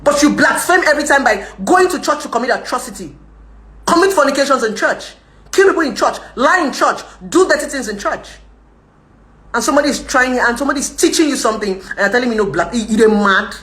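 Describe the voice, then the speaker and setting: A woman's voice: high-pitched, lively intonation, fast talker, fairly bright tone, echoey room. A young woman with a Nigerian accent, ranting and scolding viewers on a live video. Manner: scolding, combative, switches into Pidgin, laughs often. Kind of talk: ranting live-stream chat.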